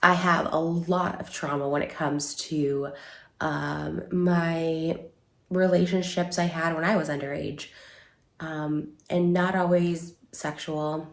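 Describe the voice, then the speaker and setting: A woman speaks in a low voice with a gravelly fry, giving an emotional personal statement. She halts often, filling gaps and restarting sentences. The room around her rings with echo. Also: level tone. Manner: halting, many fillers and restarts. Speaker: online creator giving a statement.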